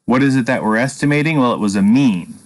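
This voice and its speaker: A man's voice: mid-range voice, expressive, quick pace. A man teaching a statistics lesson, explaining patiently and step by step with a dry sense of humor. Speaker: math teacher. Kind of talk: screen-recorded statistics lesson.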